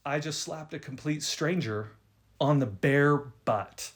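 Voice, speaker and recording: A young man hosting a video on writing, telling an embarrassing story in an animated, self-deprecating way with frequent restarts. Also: a little high, slow pace, heavy background noise. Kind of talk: casual storytelling to camera.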